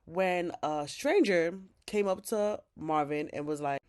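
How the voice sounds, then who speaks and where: A woman with a slightly low voice talks through a TV episode recap in a loose, chatty way. She speaks with lots of fillers and slang, swears freely, and breaks in with blunt opinions. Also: slow, a little mellow. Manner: chatty, filler-heavy retelling with quoted dialogue; opinionated asides, profane slang. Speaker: TV recap host.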